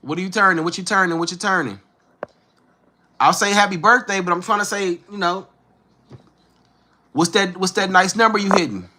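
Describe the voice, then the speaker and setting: Bright-voiced man in his thirties, slangy. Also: high voice, normal speed, pauses often. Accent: Northern Californian. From Northern California. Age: 30s. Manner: laid-back, slangy, talks straight to viewers. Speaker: livestream host. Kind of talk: casual live chat answering viewers.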